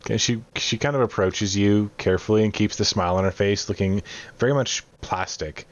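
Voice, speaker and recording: A man with a lowish voice runs a tabletop game, describing scenes in a relaxed, halting way. The sound is dull and lo-fi, like an online voice chat. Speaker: game master.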